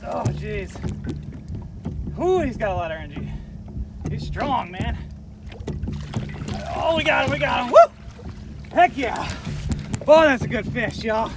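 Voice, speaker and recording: A man, excitedly narrating his fishing out on the water in a hyped, exclamatory way. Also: extremely high pitch, a little slow, long pauses, very noisy. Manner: hyped and exclamatory, keeps shouting "heck yeah, baby". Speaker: fishing vlogger. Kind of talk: excited play-by-play while fishing. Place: outdoors on a kayak on open water. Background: loud background music.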